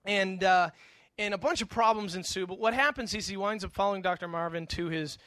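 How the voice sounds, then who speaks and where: A man's voice: sits high, fairly even intonation, brisk, pushed and bright, no echo. A middle-aged male pastor giving a conversational sermon, telling stories with animation and frequent stammered restarts.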